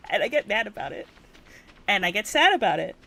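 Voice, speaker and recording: A woman's voice: medium pitch, huge pitch swings, measured pace, gravelly, sharp tone. A young woman from Hawaii chatting casually on a game livestream, cursing freely and getting worked up as she rants. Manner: profane, rants and gets worked up. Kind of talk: casual gaming stream chat.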